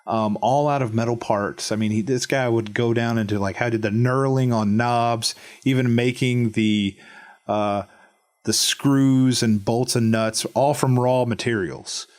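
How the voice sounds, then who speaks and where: A man's voice: medium pitch, steady tone, unhurried. A man with a Texan accent, co-hosting a podcast in casual chat, rambling with lots of fillers and restarts. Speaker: podcast co-host.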